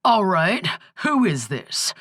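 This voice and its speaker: A woman plays a small-town male sheriff answering a call with formal, dogged politeness. He talks a little higher and louder than the narration, with lively pitch and dry, close sound. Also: slow pace, dry recording. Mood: indignant. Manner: polite, formal phone manner.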